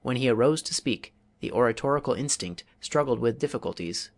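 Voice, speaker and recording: A man's voice: medium pitch, expressive, fairly quick. Man reading a speaking manual aloud. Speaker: audiobook reader. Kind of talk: audiobook narration of a public speaking manual.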